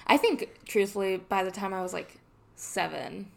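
A young adult woman co-hosting a podcast in casual chat. She rambles through her stories with many fillers and trails off softly. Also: mid-range voice, normal speed, gravelly. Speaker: podcast co-host.

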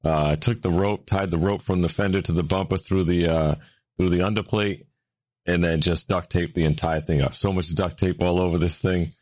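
Low-voiced man telling a story. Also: moderate pace, dry recording. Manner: animated, rising when worked up, many fillers. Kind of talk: casual storytelling chat.

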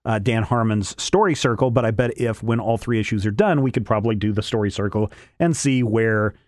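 A man's voice: fairly low pitch, a little fast, darkish tone, dry recording, clean studio sound. A man co-hosting a casual comic review chat, rambling with frequent restarts and self-corrections. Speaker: podcast co-host reviewing comics.

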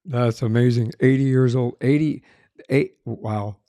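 A low-voiced man with a gravelly edge, a former police officer chatting casually. His sound is dark and dry, and he often stops to repeat words as he gathers his thoughts. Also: dry recording. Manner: halting, repeats words while searching. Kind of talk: casual chat.

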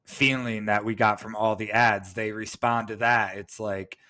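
A man's voice: on the low side, level tone, unhurried, pushed and bright. A man co-hosting a casual chat show, joking and teasing as he keeps pressing his point. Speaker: podcast co-host.

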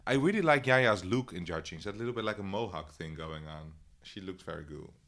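A young man co-hosting a podcast in casual chat, animated and quick to laugh, often acting out quotes. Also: deep voice. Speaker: podcast co-host.

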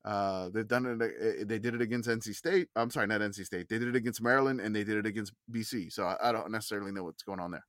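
A man's voice: on the low side, fast talker, hardly any pauses, fairly bright tone, dry recording. Podcast co-host, male, rambly and self-correcting, dry close-mic sound. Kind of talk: casual sports chat.

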